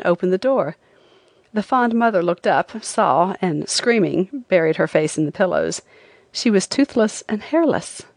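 A woman narrating a travel memoir as an audiobook, with an expressive reading. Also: medium pitch, no room sound. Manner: expressive, lively delivery.

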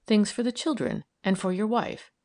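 A woman voicing a brisk, kindly woman parole officer who talks firmly and encouragingly. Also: mid-range voice, expressive, a little mellow, voice pushed up, lightly acted. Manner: firm, crisp and encouraging.

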